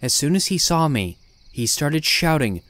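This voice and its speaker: A man's voice: fairly high pitch, big pitch swings, measured pace, a bit bright. Guy reading a creepy story, blunt tough-guy telling, swears a lot. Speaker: horror story narrator. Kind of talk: scripted horror narration.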